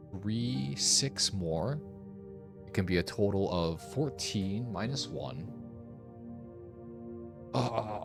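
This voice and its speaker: Brief: young male streamer, low voice with lively swings, puzzling aloud, faint music behind. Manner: thinking aloud, puzzling over clues. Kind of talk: casual gameplay commentary.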